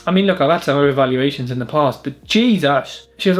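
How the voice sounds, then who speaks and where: Blunt, sweary British business mentor. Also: male voice, on the high side, fast talker, hardly any pauses. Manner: blunt, sweary, animated storytelling. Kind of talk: casual monologue to camera.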